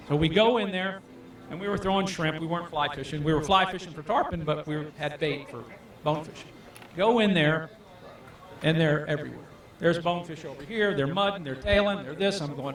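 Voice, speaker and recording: Male fishing guide, raised voice, lively live storyteller who acts out the lines; roomy, distant pickup. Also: high-pitched, a little fast. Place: event hall. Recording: echoey room, far from the mic.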